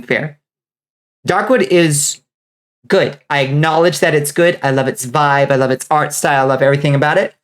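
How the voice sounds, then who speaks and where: A woman streamer chatting casually with her viewers, joking, laughing often and answering chat. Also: low-pitched. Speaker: vtuber streamer.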